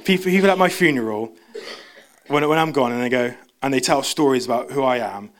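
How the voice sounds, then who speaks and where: A young man gives a relaxed sermon in a church. His talk is chatty and full of restarts. He jumps into a higher voice when he plays out the people in his stories. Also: fairly quick. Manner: chatty, self-interrupting, acts out quotes in a high voice. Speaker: preacher. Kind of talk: casual sermon.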